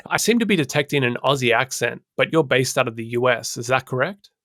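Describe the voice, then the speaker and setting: A man hosting a podcast interview, friendly and quick to laugh. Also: medium pitch, expressive, sharp tone, dry recording, studio quality. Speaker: podcast host.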